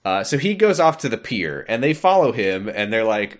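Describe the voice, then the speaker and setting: A man's voice: lowish voice, very animated, normal speed. Laughing man recapping a game casually. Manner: laughs often, puts on cartoon voices when quoting. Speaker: podcast co-host.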